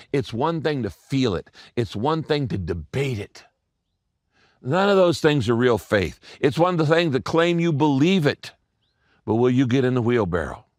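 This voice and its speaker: An older man, a pastor preaching a sermon, telling stories and repeating key lines slowly for emphasis. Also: mid-range voice, no echo, clean studio sound.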